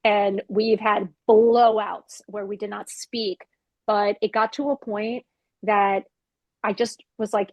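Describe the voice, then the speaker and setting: A woman's voice: mid-range voice, level tone, slow, no room sound, muffled recording. Woman, fifties, podcast guest; candid storyteller, plain mid voice, dry close sound. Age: 50s. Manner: frank, emphatic, acts out remembered arguments.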